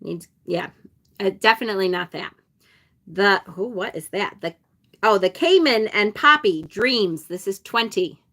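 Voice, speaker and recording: A woman's voice: mid-range voice, lively intonation, moderate pace, sharp tone. A woman with an upstate New York accent, hosting a casual live-stream card deck unboxing, chatting and laughing with viewers. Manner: chatty, reads viewer comments aloud, laughs often. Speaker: tarot channel host.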